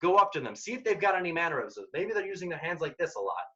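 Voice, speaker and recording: A man with a bright, forceful, somewhat high voice lectures students on workplace habits. He talks in a direct, emphatic, casual way. The recording sounds dull and lo-fi. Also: sing-song, fast. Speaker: workshop presenter. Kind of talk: career advice lecture.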